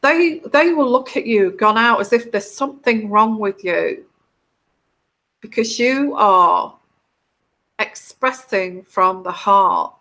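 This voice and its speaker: A woman's voice: medium pitch, fairly bright tone. A woman hosting a live stream as a tarot reader, talking heartfelt and rambling to her viewers, often restarting her sentences. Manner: rambling, heartfelt, with frequent restarts and put-on quoted voices.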